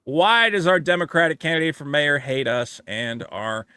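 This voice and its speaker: Animated, profane man with a high voice. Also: normal speed, clear, resonant tone, no room sound, clean studio sound. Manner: animated, profane, slips into mocking put-on voices. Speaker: podcast co-host. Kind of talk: crude comedic political banter.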